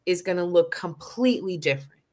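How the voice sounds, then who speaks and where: A woman who is a social worker, a podcast guest speaking in a reflective, soft-spoken way with lots of "like" and "right?". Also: on the low side, expressive, a little fast. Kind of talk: casual conversational interview.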